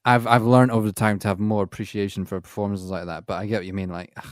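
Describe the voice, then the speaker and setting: A man's voice: fairly low pitch, fast, no room sound, clean studio sound. A man co-hosting a podcast, chatting casually about films and acting out the voices of people in his stories. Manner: animated storyteller who acts out quoted voices. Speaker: podcast co-host. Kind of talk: casual film chat.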